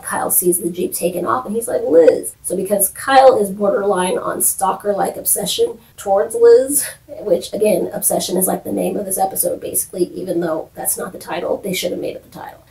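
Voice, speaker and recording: A woman hosting a casual, playful recap vlog, chatting with quick asides. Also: medium pitch, a little mellow. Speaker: vlog host recapping TV shows. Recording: echoey room, mic at a distance.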